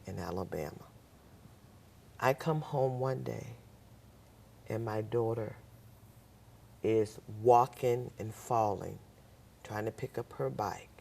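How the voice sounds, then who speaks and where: A woman's voice: extremely low pitch, creaky, dark tone, slight background noise. An older woman, a guest on a talk show, telling a personal story and acting out the voices of the people in it.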